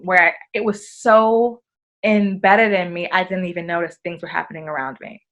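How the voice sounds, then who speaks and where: Animated American woman telling stories. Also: mid-range voice, fairly quick. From United States. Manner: animated, acts out quoted dialogue. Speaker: podcast guest. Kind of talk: casual conversational storytelling.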